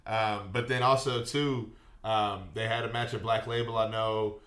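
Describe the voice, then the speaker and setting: A man appearing as a podcast guest, telling stories casually and chiming in with quick yeahs. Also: lowish voice, little pitch movement, fairly bright tone, reverberant. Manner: storytelling, quick agreeing yeahs. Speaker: wrestling referee, podcast guest.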